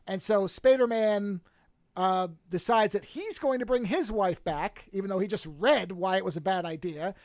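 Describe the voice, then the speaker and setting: A podcast host retells a film in a loose, chatty way, dropping into quick put-on voices for the characters' lines. The sound is dry and close to the mic. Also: medium pitch, dry recording. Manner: animated, acts out quotes with shifting voices. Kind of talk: casual retelling of a movie plot.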